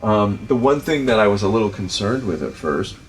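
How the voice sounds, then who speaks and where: A middle-aged man with a Providence, Rhode Island accent, hosting a casual chat and telling stories about directing in an animated, profane way with lots of fillers. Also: fairly low pitch, fairly quick. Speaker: podcast host and film director.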